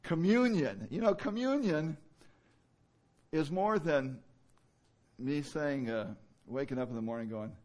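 A man preaching a sermon in a conversational way, with many fillers, who now and then rises into loud, emphatic bursts. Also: medium pitch, expressive, unhurried, long pauses. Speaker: pastor.

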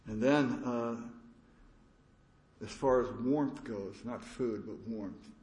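A man giving a conference sermon, telling stories in a halting, earnest way with many restarts. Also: mid-range voice, darkish tone. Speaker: preacher. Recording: echoey room.

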